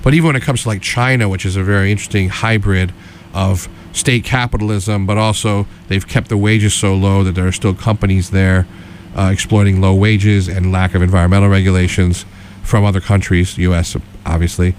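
A middle-aged man with a low, steady voice co-hosts a political radio show, speaking fairly quickly over slight background noise. His talk is casual and rambling, full of restarts and fillers.

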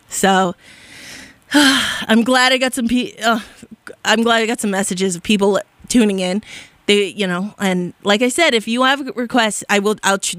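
A woman's voice: mid-range voice, fairly bright tone, no echo. Brief: effusive woman DJ, rambling studio chatter, dry close sound, giggly. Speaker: radio DJ and host. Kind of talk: casual radio DJ chat. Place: radio studio.

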